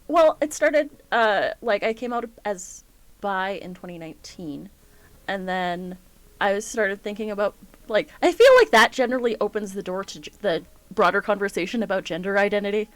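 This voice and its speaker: A woman's voice: mid-range voice, animated, moderate pace, no room sound. A woman co-hosting a casual live-streamed chat, playful and open. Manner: playful, joins the bits with mock-dramatic pleas. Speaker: podcast co-host.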